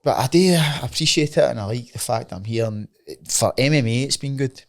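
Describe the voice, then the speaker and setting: A Scottish man in his late thirties rattles along at a rapid clip. His talk is casual and peppered with swearing and "you know what I mean". The sound is close and dry, with no room in it. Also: mid-range voice, no room sound. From Scotland. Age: 30s. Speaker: MMA fighter guest. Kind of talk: casual podcast chat.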